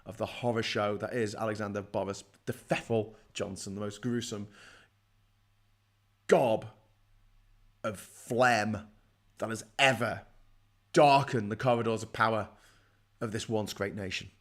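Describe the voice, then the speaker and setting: A man's voice: fairly low pitch, steady tone, measured pace, pauses often. Man, middle-aged, sardonic live stream host, rambling chat, swears a lot. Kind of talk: casual livestream chat reading viewer comments.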